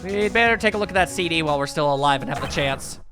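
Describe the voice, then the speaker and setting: A woman playing a game and joking through it in animated, comedic commentary. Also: sits low, quick pace, music in the background. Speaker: let's play host.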